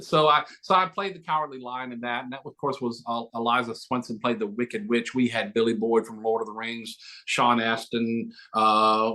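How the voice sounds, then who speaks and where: A middle-aged man, an actor and auctioneer, telling quick, joking stories as an interview guest on a video call. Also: mid-range voice, pushed and bright. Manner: fast, name-dropping, joking. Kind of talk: animated interview storytelling.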